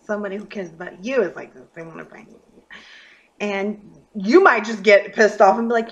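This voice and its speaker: Animated woman giving a tarot reading. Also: medium pitch, brisk. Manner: animated, emphatic, swings from murmuring to loud. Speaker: tarot reader. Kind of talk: casual astrology reading to camera.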